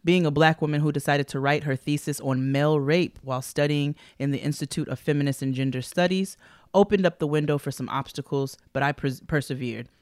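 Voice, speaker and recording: A woman's voice: low voice, fairly even intonation, brisk, no room sound, studio quality. A woman co-hosting a podcast, reading listener letters aloud in an upbeat, playful way and hyping up the listeners. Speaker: podcast co-host.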